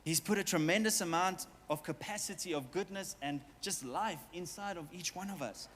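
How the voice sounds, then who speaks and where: A man's voice: high voice, normal speed, a bit bright, long reverb tail, slight background noise. A man preaching a sermon as pastor, talking straight to his congregation with playful asides and quoted voices. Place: church hall with long reverb.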